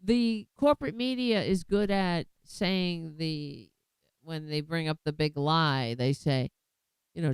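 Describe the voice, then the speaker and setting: A woman's voice: lowish voice, animated, takes it slowly, smooth, no room sound, rough recording. A woman hosting her own political commentary show, talking bluntly and with indignation, often restarting her sentences.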